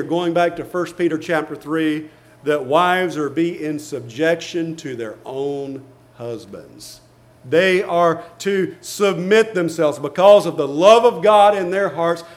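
Male pastor, high-pitched, earnest sermon delivery with scripture reading and frequent restarts. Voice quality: reads scripture aloud in King James wording. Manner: earnest preaching with frequent repeated words and light laughs.

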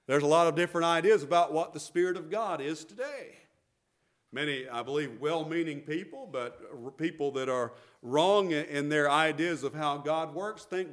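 A man's voice: on the high side, normal speed, a bit bright. A middle-aged man, preaching a sermon as pastor, emphatic and repetitive.

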